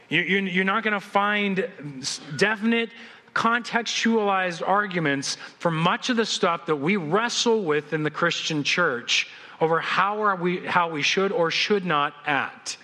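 A male pastor preaching a sermon, telling stories in an animated way with quick restarts. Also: sits high.

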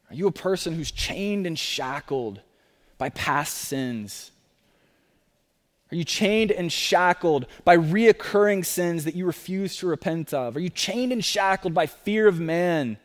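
A man preaching a sermon, repeating key phrases and moving between loud urgent declarations and quiet personal appeals. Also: sits high, long reverb tail. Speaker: pastor.

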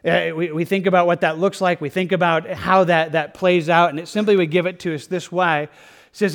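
A man's voice: high voice, steady tone, fairly quick. A man pastor preaching a verse-by-verse sermon in an earnest, conversational way. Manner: conversational, earnest, with restarts and "like" asides.

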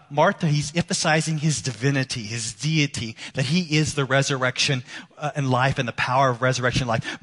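Earnest male preacher in a reverberant hall. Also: a little high. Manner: earnest preaching, swings from emphatic to hushed. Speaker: pastor. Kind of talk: sermon.

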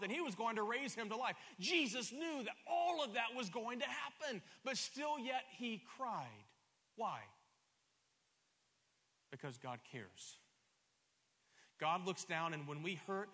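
A middle-aged man preaching a sermon, emphatic and stumbling over repeated words, swinging between loud and soft. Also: very high voice, expressive, unhurried, husky. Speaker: pastor. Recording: long hall reverb.

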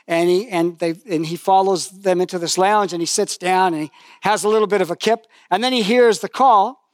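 A man's voice: high-pitched, brisk, dry recording. An older man preaching a sermon, chatty and joking as he tells a story, then praying and reading scripture. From lived in New Zealand for decades.

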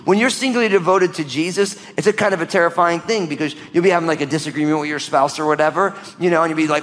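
A man's voice: a little high, fast talker, fairly bright tone, in a large hall. A man preaching a conversational sermon as pastor, asking rhetorical questions and speaking directly to his congregation.

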